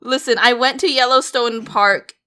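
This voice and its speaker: A woman's voice: fairly high pitch, fairly even intonation, normal speed, pushed and bright, clean tone. A young woman co-hosting a podcast, chatting casually and laughing easily. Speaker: podcast co-host. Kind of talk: casual chat.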